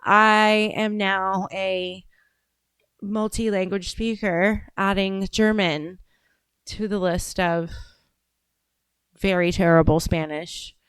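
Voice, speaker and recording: Rambling woman host, smooth clear voice. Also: fairly low pitch, no echo. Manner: rambling, goes off on tangents, swears casually. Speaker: show host. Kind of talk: casual livestream chat.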